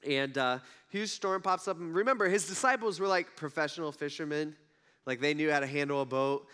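A man's voice: fairly high pitch, a little fast, fairly bright tone, clear, resonant tone. A man giving a casual storytelling sermon, retelling stories in a conversational way and acting out the quotes. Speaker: preacher.

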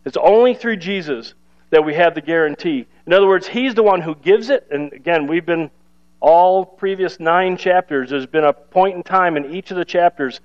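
A man's voice: on the high side, highs cut off. A man pastor giving a sermon in a conversational, self-deprecating way, with playful asides. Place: church service.

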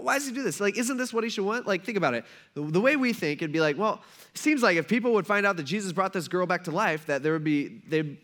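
A man preaching a sermon as a pastor, speaking in a relaxed, slangy way and acting out the characters of the story in everyday talk. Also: high-pitched. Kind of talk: casual conversational sermon.

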